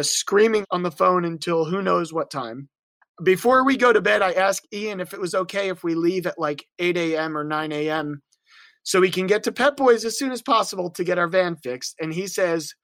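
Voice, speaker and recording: A young adult touring musician tells a road story in a wry, profane, casual way and slips into the voices of the people in it. The voice sits at a middling pitch and is recorded close and dry, with no room sound. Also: fairly bright tone, no room sound.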